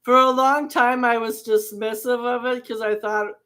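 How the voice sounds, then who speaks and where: A woman's voice: on the high side, steady tone, moderate pace, pushed and bright. A woman co-hosting a casual political chat, firm and defiant in her views. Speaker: podcast co-host.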